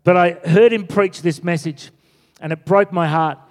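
Preacher in an echoey hall. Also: male voice, high-pitched, moderate pace. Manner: animated storytelling, acting out quotes. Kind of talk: sermon. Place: church.

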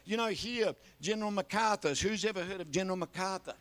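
An older man with an Australian accent preaches with animated storytelling, often turning to his congregation for a response. His voice sits high for a man. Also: quick pace. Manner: animated storytelling with repeated audience call-outs. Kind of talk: sermon.

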